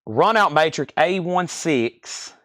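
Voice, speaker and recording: Fast-calling man auctioning records. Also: a little high, animated, a bit bright, dry recording, clean studio sound. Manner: rapid-fire, repetitive calls of sales and prices. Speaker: live-stream record seller. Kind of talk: live auction patter.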